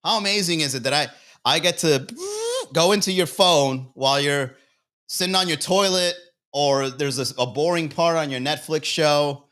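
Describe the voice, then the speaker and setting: A man's voice: a little high, moderate pace, a bit bright. A man hosting a comedy livestream, rambling and swearing in casual banter, chuckling at his own jokes while he talks straight to chat viewers.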